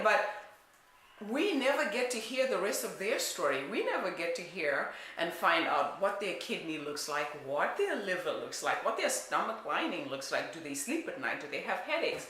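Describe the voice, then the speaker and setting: A woman telling a personal story in a lively way, acting out quoted remarks and often checking in with "right?". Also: mid-range voice, moderate pace, a little hiss or hum. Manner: animated, acts out quotes, frequent "right?" asides. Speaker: weight-loss coach. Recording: very echoey room.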